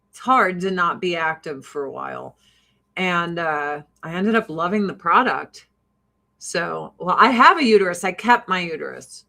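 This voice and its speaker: A woman's voice: mid-range voice, bright, forceful tone. A woman from the Joliet area hosting a casual livestream chat with viewers, blunt and jokey, swearing freely. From Joliet, Illinois, USA. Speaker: livestream host and beauty product seller.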